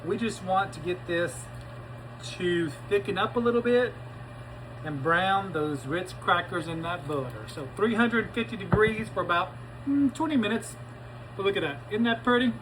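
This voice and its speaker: A chatty man hosts a home cooking show, talking straight to his viewers as he cooks and tastes. His voice sits a bit high for a man, and the sound carries a faint hiss. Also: lively intonation, moderate pace. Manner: chatty and folksy, talks to viewers while tasting. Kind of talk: casual cooking demonstration to camera.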